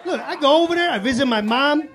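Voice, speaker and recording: A man doing live stand-up comedy in a club, telling stories in a profane, excitable way. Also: extremely high pitch, quick pace. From Chicago. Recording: live club with audience laughter. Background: crowd laughter and room noise.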